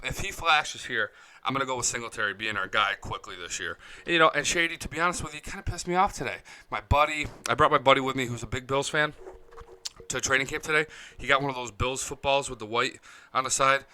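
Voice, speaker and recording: A man's voice: mid-range voice, bright, forceful tone. A man hosting a sports show from a studio, telling stories bluntly and with plenty of swearing while he chats casually to his viewers. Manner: blunt, profane storytelling.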